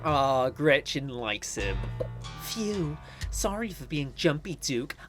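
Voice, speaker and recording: A woman's voice: deep voice, very animated, slow, faint music behind. A woman giving chatty, giggly commentary while playing a story game. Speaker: game video host. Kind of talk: casual let's-play commentary.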